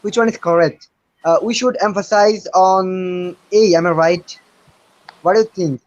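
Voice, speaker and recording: A non-native speaker learning English, asking questions hesitantly with many pauses on a casual stream chat. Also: medium pitch, dull audio. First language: not English.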